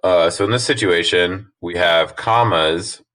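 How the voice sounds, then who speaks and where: A man with a very low voice talks through slides as a teacher. He reads each rule and example aloud slowly and patiently, then explains it in plain words, pausing often on "uh". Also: a bit bright. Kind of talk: slide lesson narration.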